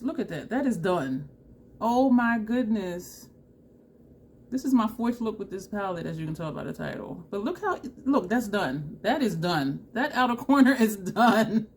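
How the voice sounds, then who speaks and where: A woman vlogger chatting excitedly and laughing often as she talks viewers through a makeup tutorial. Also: mid-range voice. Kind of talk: casual makeup tutorial chat.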